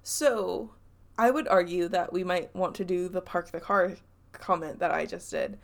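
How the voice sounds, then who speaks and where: A woman's voice: fairly low pitch, normal speed, vocal fry. Giggly woman with a slight Southern accent. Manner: giggly, self-conscious. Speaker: podcast co-host. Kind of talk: casual chat.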